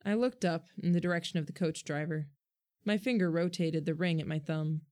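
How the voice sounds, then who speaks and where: A woman calmly reading first-person fiction as an audiobook narrator. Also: sits low, brisk.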